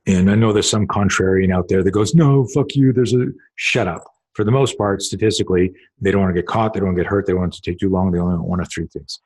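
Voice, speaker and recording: A middle-aged man, a self-defense coach, telling stories in a casual interview, rambling and animated, acting out quotes with swearing. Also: low-pitched, quick pace, hardly any pauses, slightly rough. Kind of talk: casual storytelling in a podcast interview.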